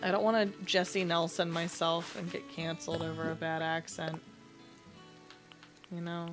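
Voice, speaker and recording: Chatty woman streamer over soft music. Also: lowish voice, level tone, moderate pace. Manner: rambling, self-deprecating, chatty with viewers. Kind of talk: casual livestream chat while playing.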